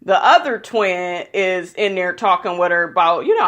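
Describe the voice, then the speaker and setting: A woman chatting through a reality show recap in a loose, gossipy way. She is blunt and salty, and she swears freely as she sizes up everyone on screen. Her voice sits at an ordinary middle pitch for a woman. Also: lively intonation, normal speed, hardly any pauses, fairly bright tone. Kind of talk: casual recap commentary.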